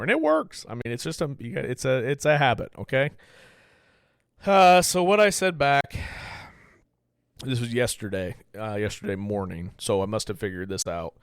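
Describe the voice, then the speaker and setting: A man's voice: mid-range voice, expressive, normal speed, clean tone, no room sound, studio quality. A man hosting a podcast, talking candidly and a bit rambly about handling anger, swearing freely in casual chat. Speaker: podcast host. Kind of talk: casual self-reflective talk.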